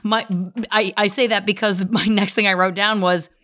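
A woman co-hosting a podcast, chatting casually and running through her notes with animated asides. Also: mid-range voice, normal speed. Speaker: podcast co-host. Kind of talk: casual true-crime chat.

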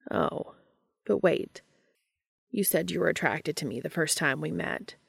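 A woman voicing a literal-minded male angel who talks in a flat, formal, deadpan way, in a fan fiction audiobook reading. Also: sits low, measured pace, creaky, husky, dry recording, studio quality, heavily acted.

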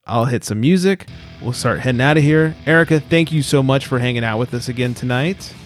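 A man's voice: mid-range voice, fairly quick, faint music behind. Man hosting a casual beer podcast. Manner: jokey, reads news stories aloud. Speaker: podcast host. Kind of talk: casual chat.

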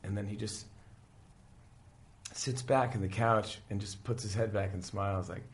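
A man's voice: lowish voice, moderate pace, a little hiss or hum. A man guest on a podcast, chatting casually and acting out scenes as he retells them. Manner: animated storyteller acting out scenes. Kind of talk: casual chat.

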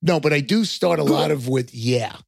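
An older man with a New York accent, chatting casually on a podcast as the host's father, rambling with halting restarts. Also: on the high side, vocal fry, a little mellow, no room sound, clean studio sound. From Long Island, New York.

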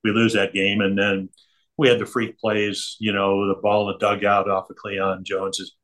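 Older male guest, lowish voice, rambling anecdotes, chatty with easy chuckles. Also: completely flat delivery, moderate pace, fairly bright tone. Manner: chatty, digressive, chuckles between stories. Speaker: interview guest.

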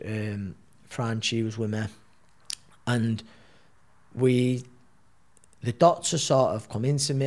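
A man, a professional boxer, telling a personal story in a casual, rambling way and acting out what people said. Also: mid-range voice. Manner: rambling, re-enacts dialogue.

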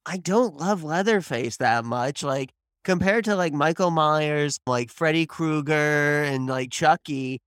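Guy from up north on a movie podcast, smooth clear voice, kinda high, dry close sound, blunt and swears a lot. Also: a little slow, hardly any pauses, dry recording. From northern United States. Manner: blunt, animated, swears casually. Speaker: podcast co-host. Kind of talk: casual movie review chat.

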